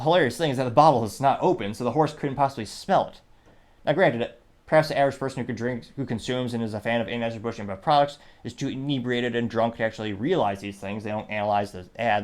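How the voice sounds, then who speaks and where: Wry man reading posts aloud. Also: mid-range voice. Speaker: host. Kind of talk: casual commentary reading out posts.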